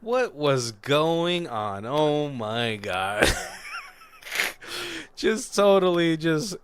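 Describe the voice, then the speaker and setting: A man's voice: on the high side, wildly swooping pitch, extremely slow, a bit bright, a little hiss or hum. A man on a podcast casually retelling a film plot, rambling and breaking into laughter often. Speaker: podcast co-host. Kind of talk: casual movie recap.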